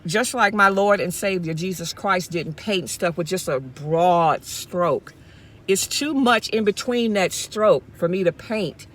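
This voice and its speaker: A woman's voice: lowish voice, unhurried, fairly bright tone. A woman from Mississippi, talking straight to her viewers in a casual vlog, impassioned and repeating herself as she goes, speaking from her car. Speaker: YouTube vlogger.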